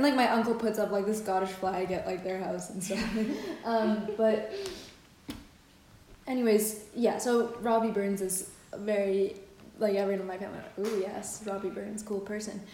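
A woman's voice: medium pitch, steady tone, moderate pace, warm tone, slight background noise. Woman podcast co-host, rambly and giggly, roomy echo. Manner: rambling, laughs often, many fillers. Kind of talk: casual chat and poetry reading.

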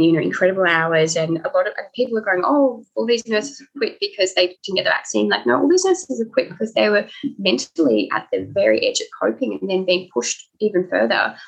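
A woman chats as a guest on a podcast, rambling a little and slipping into lively quoted voices. Her voice is gravelly with a husky edge. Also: mid-range voice, low-quality recording. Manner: chatty, rambling, quotes people in raised voices. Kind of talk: casual interview chat.

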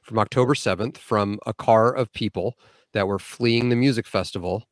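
A man's voice: fairly low pitch, normal speed, no echo. A man co-hosting a podcast in casual chat, speaking emphatically with frequent cursing. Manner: emphatic, profane storyteller. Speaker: podcast co-host.

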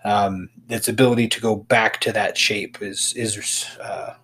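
Man podcast host, deep-ish voice, halting, lots of ums. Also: flat delivery, a bit bright, a little hiss or hum. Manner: halting, with many fillers and restarts. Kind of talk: casual podcast chat.

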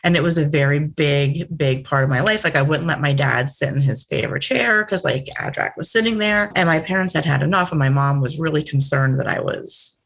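Deep gravelly woman from south florida, chatty podcast guest. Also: fairly quick, hardly any pauses, fairly bright tone. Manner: chatty, candid, laughs easily. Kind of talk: casual interview storytelling.

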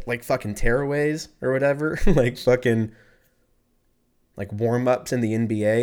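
Profane laid-back man in his thirties. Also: medium pitch. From California. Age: 30s. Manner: rambling, profane, laid-back, self-mocking. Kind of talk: casual storytelling monologue.

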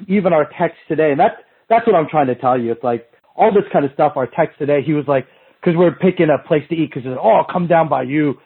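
A slightly high, somewhat rough male voice belongs to a fitness coach on a podcast, who rambles through profane stories and acts out both sides of old conversations. The recording sounds tinny, like a phone line.

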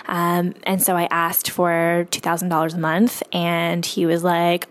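A woman's voice: lowish voice, fairly even intonation, fairly quick, few pauses. A woman author and coach telling a candid, casual story about money, swearing freely and using many fillers.

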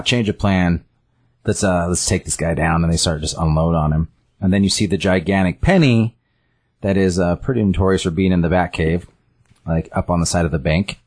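A man's voice: deep voice, a little mellow, slightly rough. A man casually retelling a story scene by scene, rambling with fillers and self-corrections.

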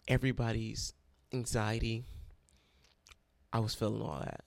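A young man with a low, gravelly voice tells a personal testimony in an earnest, storytelling way. He leans on repeated phrases for emphasis. The recording is dry and close, with no room sound. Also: level tone, normal speed, pauses often, a little mellow, no room sound. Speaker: speaker sharing his testimony.

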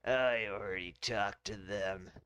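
A man voicing a terse military general who speaks in curt, measured lines. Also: lowish voice, steady tone, fairly bright tone, a little hiss or hum.

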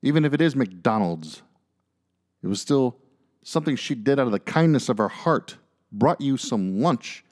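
A man's voice: medium pitch, lively intonation, moderate pace, darkish tone. A man co-hosting a podcast, telling stories in casual chat with lots of fillers and jokey asides. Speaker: podcast co-host.

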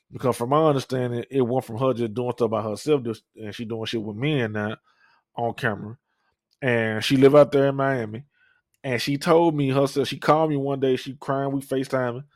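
A man's voice: medium pitch, no echo, studio quality. A young man, telling a profane, rambling story on a podcast with lots of fillers and restarts. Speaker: podcast co-host. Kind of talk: casual storytelling.

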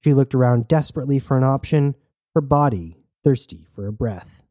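A man narrates an action story in steady, even tones. His voice is very dark and mellow, with a middle pitch. The recording is dry and close. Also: a little fast, no echo. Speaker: audiobook narrator. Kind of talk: scripted narration.

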